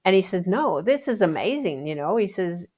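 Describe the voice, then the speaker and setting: A Canadian Paralympic athlete tells her story as a guest on a casual podcast interview, her voice fairly low and moderately paced. She's an animated storyteller who acts out quotes and restarts often.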